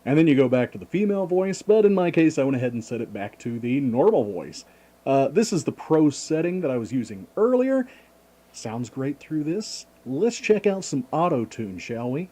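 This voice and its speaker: A man's voice: on the high side, sing-song, normal speed, warm tone. A man casually reviewing a microphone, enthusiastic and jokey. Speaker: product reviewer.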